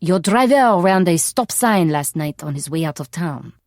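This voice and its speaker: A woman's voice: fairly low pitch, expressive, normal speed, dry recording, studio quality. A woman voicing a stern, suspicious female café owner who speaks in an exaggerated fake French accent, in an audiobook. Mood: curt, suspicious. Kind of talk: audiobook character voice.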